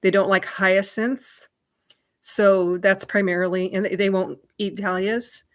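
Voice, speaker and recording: A woman's voice: mid-range voice, flat delivery, unhurried. A woman hosting a livestream, chatting in a rambling way and answering viewer comments. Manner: chatty and rambling, many fillers and asides. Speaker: livestream host.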